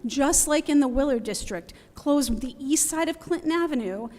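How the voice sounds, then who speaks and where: A woman's voice: high voice, expressive, normal speed, a little mellow. A middle-aged woman giving an impassioned public comment at a council meeting, pleading and close to tears. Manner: pleading, emotional, urgent. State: near tears. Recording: reverberant hall.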